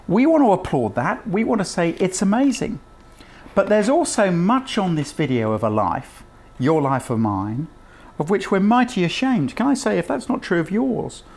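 A man's voice: sits high, creaky, a little mellow. Earnest male preacher delivering a sermon. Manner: earnest, emphatic, rhetorical questions.

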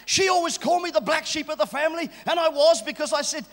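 A man preaching a sermon at a church service, exuberant and shouting and joking with the congregation. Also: extremely high pitch, fast talker, few pauses, big-room sound.

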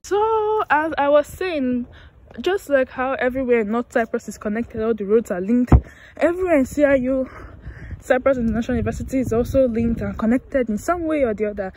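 A woman's voice: high voice, expressive, a little fast, background noise. A young woman vlogging a walking tour of a university campus outdoors, chatty and self-mocking, talking to viewers through a handheld phone. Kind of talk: casual walking vlog.

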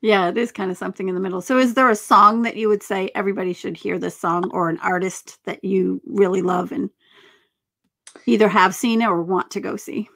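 A woman in her fifties hosting a podcast, chatting enthusiastically and asking quick questions. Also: mid-range voice, steady tone, gravelly, fairly bright tone. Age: 50s. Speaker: podcast host. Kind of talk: casual interview chat.

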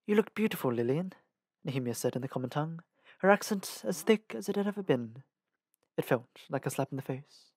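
A man narrating a novel as an amateur audiobook reader, with a lively, uneven reading and small self-corrections. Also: on the high side, fairly quick, slightly rough, dry recording, clean studio sound.

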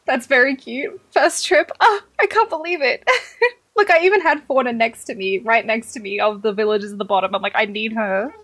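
A young Australian woman chatting over a game as a streamer, excitable, swearing freely and laughing often. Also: a little high, normal speed. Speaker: gaming streamer. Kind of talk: casual game commentary.

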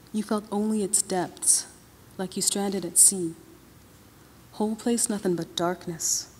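A woman's voice: mid-range voice, darkish tone. A woman author reading her novel aloud at an awards ceremony, narrating in the first person in a loose, drawling colloquial voice into a podium microphone in a large hall. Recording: long-reverb hall.

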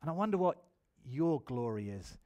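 A man's voice: mid-range voice, big pitch swings, moderate pace, warm tone. A man preaching a sermon in church, telling his own testimony and building to emphatic appeals.

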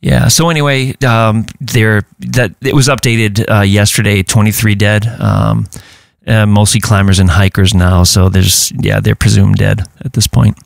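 A man's voice: lowish voice, level tone, a little slow, creaky, no room sound, clean studio sound. A man co-hosting a casual podcast, talking in an easygoing, chatty way with lots of fillers. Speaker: podcast co-host. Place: home podcast setup in New Hampshire.

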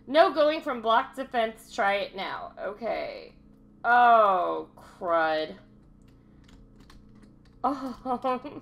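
A young woman hosting a gaming channel, giving excitable let's-play commentary, talking to herself and laughing often. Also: a little high, creaky.

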